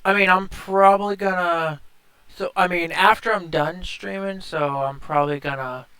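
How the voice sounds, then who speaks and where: A young man hosting a live stream in a laid-back, chatty way. His voice is bright and forward, very clean and resonant, and sits a little high for a man. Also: steady tone, normal speed, smooth, poor audio. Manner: laid-back, short agreeing replies. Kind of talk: casual live-stream chat.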